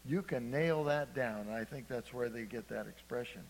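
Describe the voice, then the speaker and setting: A male preacher talks through scripture in a loose, conversational way and keeps checking in with his listeners. His mid-pitched voice carries a long reverb off the walls of a big hall. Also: normal speed, slight background noise. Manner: conversational, asks the congregation "Amen?". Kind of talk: sermon.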